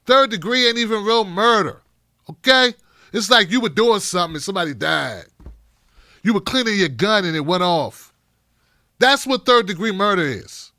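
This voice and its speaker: A man's voice: sits high, expressive, normal speed, sharp tone, no room sound, clean studio sound. A middle-aged man hosting a live-streamed talk show, reading chat by name and ranting in a blunt, profane way.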